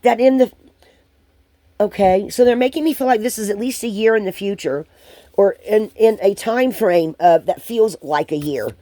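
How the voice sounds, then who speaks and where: A woman giving a channeled spiritual card reading to viewers, hesitant and rambling with many pauses and restarts. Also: medium pitch, mellow, no echo.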